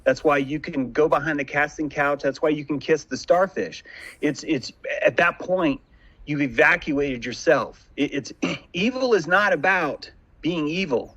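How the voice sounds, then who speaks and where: Husky-voiced man hosting a podcast. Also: a little high, unhurried, fairly bright tone, poor audio. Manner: intense, philosophical monologuing. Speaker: podcast host. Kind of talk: casual podcast conversation. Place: home room.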